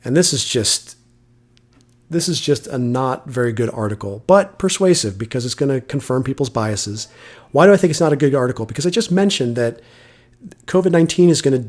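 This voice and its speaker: A man hosting a solo commentary podcast, arguing his point with rhetorical questions and frequent restarts. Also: mid-range voice. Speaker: podcast host.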